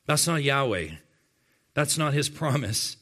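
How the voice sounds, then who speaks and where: A man preaching a sermon to his congregation, addressing them directly and slowing to stress key words. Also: medium pitch, animated, fairly bright tone. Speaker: pastor.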